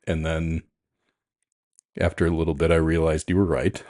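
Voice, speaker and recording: A man co-hosting a podcast as a coach, talking calmly and frankly and thinking aloud with frequent restarts. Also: extremely low pitch, moderate pace, no echo, studio quality. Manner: calm, frank and reflective, restarts often. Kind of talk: casual chat.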